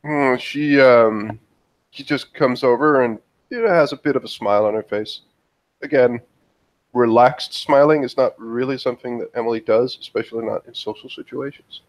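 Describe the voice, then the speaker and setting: A man's voice: mid-range voice, normal speed. A man playing a tabletop role-playing game, describing his character's actions hesitantly with many fillers. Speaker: player.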